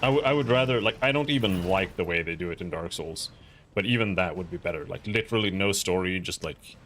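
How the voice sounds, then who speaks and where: A man's voice: sits low, quick pace, fairly bright tone, slight background noise. A man streaming a video game, giving casual commentary in a sarcastic, rambling way and often repeating words. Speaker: gaming streamer.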